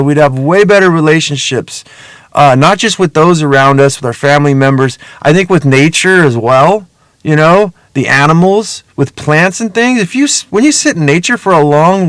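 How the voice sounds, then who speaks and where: A man's voice: a little high, a bit bright, dry recording. A middle-aged man hosting a podcast, talking in a casual, rambling, earnest monologue full of swearing. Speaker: podcast host.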